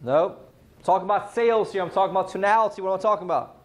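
A man teaching a live sales training class, firing questions at the room and answering them himself. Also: high voice. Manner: energetic, quizzes the audience, rapid questions.

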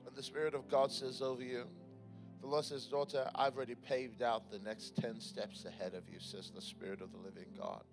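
A man's voice: medium pitch, steady tone, a little fast. A man leading a church service as pastor, joking with the congregation, then praying and delivering fervent prophetic declarations. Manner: playful, joking asides with laughter. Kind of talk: sermon with prayer and prophecy. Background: music playing.

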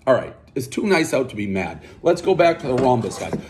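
A man's voice: mid-range voice, big pitch swings, brisk. A man hosting a pizza review outdoors, ranting combatively, swearing constantly and boasting about himself.

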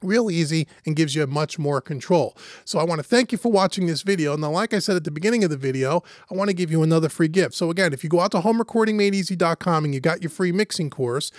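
A man hosting a casual, step-by-step software tutorial. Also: fairly high pitch, animated, fast talker, few pauses, dry recording, studio quality. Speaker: host and instructor. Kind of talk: screen-recorded software tutorial.

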